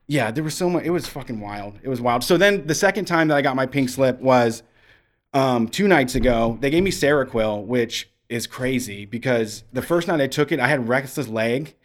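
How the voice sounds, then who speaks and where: A man on a podcast, telling stories in a profane, animated way and acting out what people said. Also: medium pitch, moderate pace. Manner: profane, animated storytelling with acted-out quotes. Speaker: podcast co-host. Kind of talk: casual storytelling chat.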